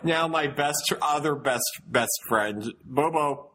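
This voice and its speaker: A man's voice: on the high side, slow, fairly bright tone, a little hiss or hum. A man hosting a casual group podcast, joking and laughing often as he talks. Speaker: podcast host.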